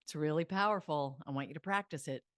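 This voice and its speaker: A woman psychologist teaching self-help, chatty and animated, leading mantras aloud. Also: deep voice, fast talker, dry recording, clean studio sound.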